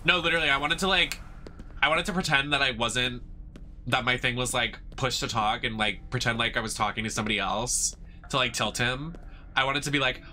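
A man's voice: medium pitch, a little fast, bright, forceful tone, slight background noise. A young man streaming a game, chatting in a playful, sassy way and swearing freely as he tells stories. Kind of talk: casual chat while playing a game.

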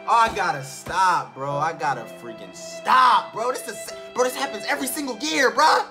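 A young man giving excited, slangy commentary over his own football video game, shouting and chanting at big plays and muttering low in between. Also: moderate pace. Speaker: gaming YouTuber. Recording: game music behind the voice.

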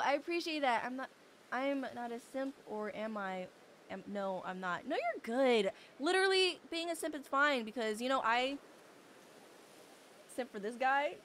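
A woman's voice: high voice, animated, a little slow, long pauses, fairly bright tone, a little hiss or hum. A young woman streaming a game live, chatting playfully with her chat and bursting into squeals.

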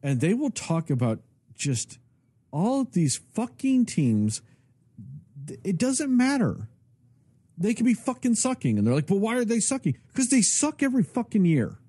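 A man's voice: high-pitched, measured pace, slightly rough, no echo. Ranting, swearing male podcast co-host. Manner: profane, ranting, animated. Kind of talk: casual chat.

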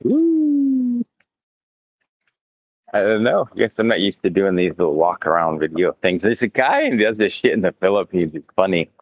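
Casting: deep-voiced man, profane rambling vlogger, dry muffled phone audio, outdoors. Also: lively intonation, fast, hardly any pauses, no room sound. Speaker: mycology channel host. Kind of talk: casual walking livestream. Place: outdoors in botanical gardens.

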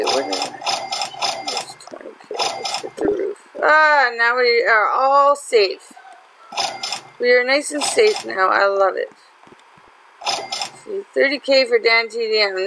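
A woman's voice: medium pitch, noisy background. A woman hosting a gaming channel, chatting and teasing through her commentary as she plays. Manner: chatty and teasing, laughs often. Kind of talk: let's-play commentary.

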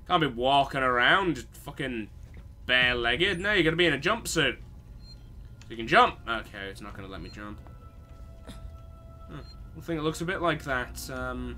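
A man's voice: mid-range voice, animated, moderate pace, pushed and bright, soft background music. A man doing rambling, sweary, sarcastic let's-play commentary. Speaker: game streamer.

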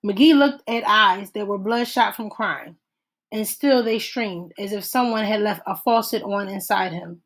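Woman narrator, measured steady audiobook reading. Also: medium pitch, rough recording. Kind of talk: audiobook read-aloud.

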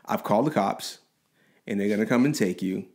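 Male podcast guest, animated storyteller, laughs often, does quick voices for others. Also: fairly low pitch. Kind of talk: personal storytelling.

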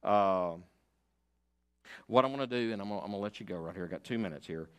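An older man, preaching a sermon as pastor, emphatic and fiery, rising to loud declarations and dropping to hushed asides. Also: fairly low pitch, fast talker, smooth. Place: church sanctuary.

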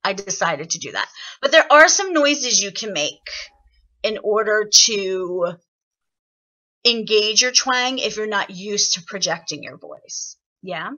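A woman leading an online singing workshop, chatty and encouraging, explaining with lively examples over a video call. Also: mid-range voice, a little slow, lo-fi sound. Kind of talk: online voice lesson.

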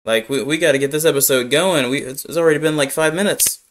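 A man's voice: on the high side, fast, a little hiss or hum. Young man reacting casually to a cartoon. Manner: laid-back, joking, talks back to the screen. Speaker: reaction video host.

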